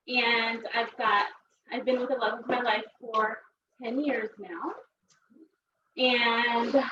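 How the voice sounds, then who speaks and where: Woman, 30s from Texas, chatty and rambling storyteller at a seminar, slightly high voice, recorded from a distance on a dull, noisy track. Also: reverberant. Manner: chatty, rambling, many fillers. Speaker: seminar speaker. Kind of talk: personal story talk.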